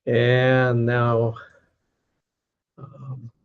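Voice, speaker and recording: A man teaching a class, patiently saying words slowly and repeating them, with many fillers, over an online call. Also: mid-range voice, completely flat delivery. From United States. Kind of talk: lecture teaching pronunciation. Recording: dull lo-fi call audio.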